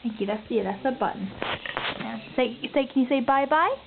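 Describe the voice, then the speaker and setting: A woman's voice: on the high side, a little fast, vocal fry. A woman filming her toddler at home, coaxing him in a sing-song voice and praising him over and over. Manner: sing-song, praising, doting baby talk. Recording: tinny lo-fi home video with faint hiss.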